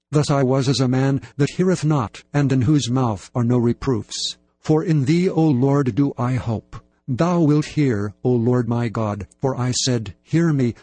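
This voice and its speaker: A man giving a measured, solemn scripted reading of Bible passages. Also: medium pitch, warm tone, no room sound. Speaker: scripture reader.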